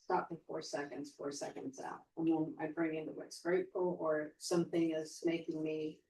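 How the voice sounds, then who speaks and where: A woman at a team meeting explaining her routine, halting and step by step. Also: low voice, little pitch movement, dark tone. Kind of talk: sharing in a group meeting. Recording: echoey room, mic far off, faint noise.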